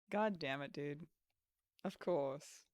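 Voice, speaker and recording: A woman's voice: low voice, dry recording. A young woman streaming a game and chatting casually, laughing often and dropping lots of "like" and "dude". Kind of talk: casual chat while gaming.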